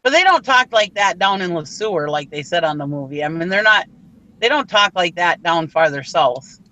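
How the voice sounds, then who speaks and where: A woman from Minnesota with a northern Minnesota accent chats casually on a live hangout, laughing often as she tells stories; she works as a truck driver and reseller. Her voice is on the low side and sharp, with lively intonation at a normal speed, though the audio sounds dull.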